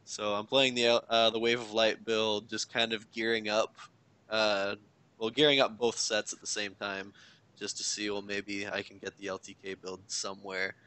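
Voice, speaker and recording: A man's voice: lowish voice, little pitch movement, moderate pace, bright, forceful tone, smooth. A man co-hosting a gaming podcast, musing aloud in casual chat and trailing off unsure. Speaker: podcast co-host.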